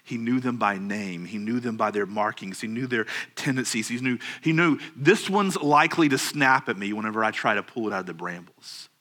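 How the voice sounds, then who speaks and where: A man preaching a sermon, earnest and measured, slowing down on key phrases and rising into urgent questions. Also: fairly low pitch, bright, forceful tone. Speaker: pastor.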